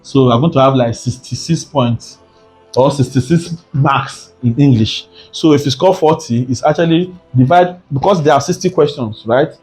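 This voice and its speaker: Male tutor, mid pitch, repetitive and quizzing, faint music bed. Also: moderate pace, darkish tone. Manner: repetitive, rhetorical "what?" questions. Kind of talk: exam prep lesson.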